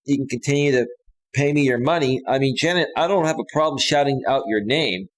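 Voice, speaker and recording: A man's voice: mid-range voice, fairly quick. A man hosting a live stream, casually chatting and reading out viewer comments and donations. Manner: laid-back, says "bro" and "man" often.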